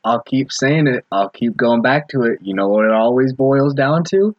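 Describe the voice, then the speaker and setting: A man's voice: mid-range voice, animated, moderate pace, no echo. A man talking earnestly in a casual podcast chat, swearing and using many fillers. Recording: dull lo-fi dry sound.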